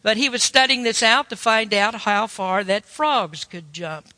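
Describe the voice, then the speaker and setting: A man delivers a sermon in a high, bright voice, folksy and emphatic as he spins a story for his listeners. The sound is dry and close, yet trails off into a long hall reverb. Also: animated, unhurried. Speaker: preacher.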